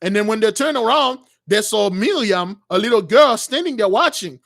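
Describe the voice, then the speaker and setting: A man's voice: sits high, animated, normal speed, creaky, fairly bright tone. A man retelling a religious story as a preacher, rambling with many restarts and calling his listeners brothers.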